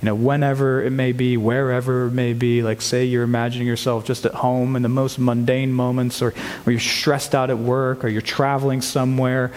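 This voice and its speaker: A man preaching a sermon to his church, earnest and emphatic, slowing down to read scripture aloud. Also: mid-range voice, level tone, darkish tone, long reverb tail. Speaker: pastor. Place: church sanctuary.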